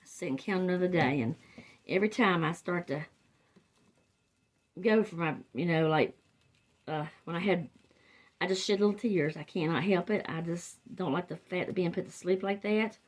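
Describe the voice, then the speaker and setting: Speaking at normal speed with a fairly low pitch and frequent pauses, an older woman from the Carolinas walks through a wreath-making tutorial. The Southern crafter is chatty and rambling, drifting off mid-thought before restarting.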